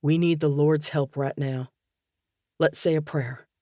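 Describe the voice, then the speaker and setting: A woman reading an audiobook, voicing a gentle young husband who speaks quietly and reassuringly. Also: low voice, fairly even intonation, measured pace, no room sound, studio quality. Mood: tender. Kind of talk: audiobook character dialogue.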